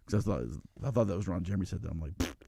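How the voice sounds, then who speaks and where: A man's voice: low-pitched, very fast, vocal fry, mellow, no room sound, studio quality. A man co-hosting a live talk stream, chatting casually, blunt and joking, swearing freely. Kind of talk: casual chat.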